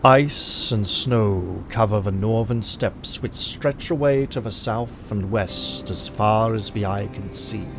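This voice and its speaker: Over background music, a man reads a solo gamebook aloud, narrating in a measured, dramatic way and commenting on his choices as he plays. His voice is lowish and creaky.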